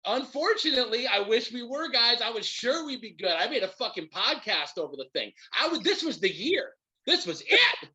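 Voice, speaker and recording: A man's voice: extremely high pitch, a little fast, hardly any pauses, low-quality recording. A man hosting a podcast, ranting about his football team in heated, profane commentary. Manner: profane, heated, animated rant. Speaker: podcast host. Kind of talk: ranting sports fan commentary.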